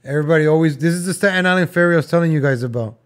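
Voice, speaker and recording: A young man rattles off jokes in a rapid-fire, somewhat high voice while reacting to old film footage. He rambles and addresses his viewers as folks and guys.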